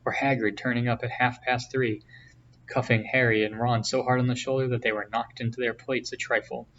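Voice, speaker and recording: Man reading a novel from afar. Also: mid-range voice. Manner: steady, plain storytelling. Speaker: reader. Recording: distant, dull, faint hiss.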